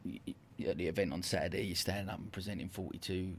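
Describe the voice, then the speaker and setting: A man's voice: sits low, steady tone, fast, a little hiss or hum. A man hosting a podcast in casual interview chat, loose and rambling, full of "like" and "you know". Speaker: podcast host.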